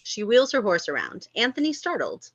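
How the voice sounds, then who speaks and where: Woman reading stage directions, lively pitch, bright voice, lo-fi dry sound. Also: normal speed, slightly rough, no room sound. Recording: dull lo-fi sound.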